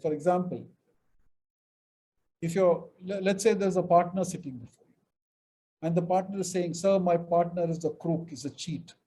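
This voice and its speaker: Male mediation trainer, middle-aged, from India; high, husky voice; emphatic lecturing with acted examples. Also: mellow, low-quality recording. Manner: emphatic, acts out example sentences with shifting stress. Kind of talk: webinar lecture.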